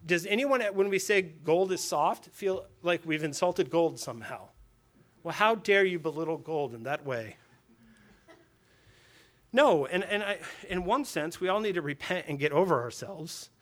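A man delivers a sermon to a gathering of men in a slightly high voice. He preaches in a casual, talking way, asks rhetorical questions and says key lines twice. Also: lively intonation, unhurried. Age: adult with a daughter and wife. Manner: conversational preaching with rhetorical questions and repeated phrases. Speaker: pastor.

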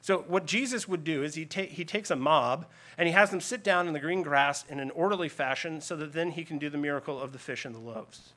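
A man's voice: a little high, fairly quick, hardly any pauses, sharp tone. A man preaching a teaching sermon in a slightly raised voice. He explains scripture earnestly, leaning into emphatic lists. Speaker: pastor.

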